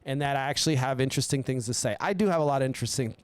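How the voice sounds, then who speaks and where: A man's voice: mid-range voice, rapid-fire, dry recording. A man hosting his own show, ranting alone in a blunt, rambling way and swearing a lot. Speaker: podcast host. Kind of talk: profane solo rant. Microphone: studio mic.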